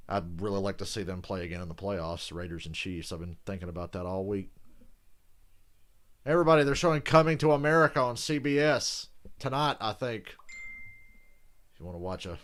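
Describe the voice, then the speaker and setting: A man's voice: deep voice, expressive, brisk, long pauses, fairly bright tone. Chatty man reacting to a live football game. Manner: chatty, swears casually, jokes about impressions. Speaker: reaction video host.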